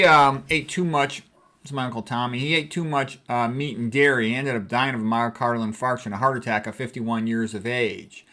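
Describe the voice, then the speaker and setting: A man in his sixties from the United States, a physician talking casually and rambling as he goes through old family photos. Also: mid-range voice. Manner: rambling, conversational, warm reminiscing. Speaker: physician vlogger.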